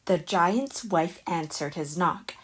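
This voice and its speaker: A woman reads a children's picture book aloud in a calm storytelling manner. Her voice sits low, and she takes her time over every line. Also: takes it slowly, slightly rough. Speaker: narrator.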